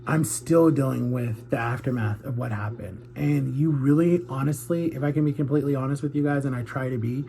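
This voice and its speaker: Man, 30s, mellow tone, candid confessional vlogger, heartfelt and earnest. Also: medium pitch, fairly quick, hardly any pauses. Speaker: YouTuber. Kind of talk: confessional vlog.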